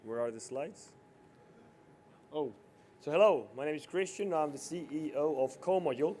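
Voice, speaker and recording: Male founder pitching on stage, mellow voice, light background noise. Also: moderate pace. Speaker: startup CEO pitching. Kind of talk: startup pitch. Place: conference stage.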